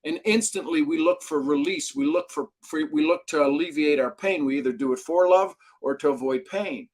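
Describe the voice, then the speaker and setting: A man as a podcast guest, a brain trainer, explaining ideas and telling stories with lively acted-out quotes. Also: fairly high pitch, normal speed, gravelly. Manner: animated storyteller, acts out quotes. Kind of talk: podcast interview.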